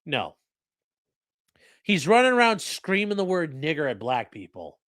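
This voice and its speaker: A man's voice: a little high, huge pitch swings, measured pace, fairly bright tone, dry recording, clean studio sound. A man hosting a casual livestream, talking bluntly with profane, mocking asides. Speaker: livestream host and lawyer.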